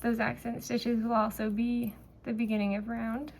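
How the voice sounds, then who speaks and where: A woman teaching a knitting pattern step by step, talking in a relaxed way with fillers and pauses as she works. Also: on the high side, gravelly. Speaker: knitting instructor. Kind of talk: step-by-step craft tutorial.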